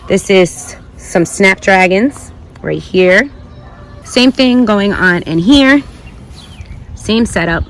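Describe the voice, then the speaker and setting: A woman's voice: mid-range voice, lively intonation, slow, long pauses, a little hiss or hum. A woman giving a casual garden tour vlog outdoors, chatty and rambling, thinking aloud and correcting herself as she goes. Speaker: gardening vlogger.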